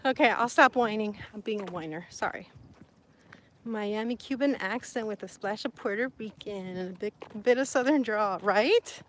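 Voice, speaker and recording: A woman from Sonora chatting casually with live viewers, animated and quick to laugh. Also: mid-range voice, a little hiss or hum, low-quality recording. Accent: Sonoran Spanish influence. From Mexico (Sonora). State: hot and sweating. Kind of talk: casual live-stream chat.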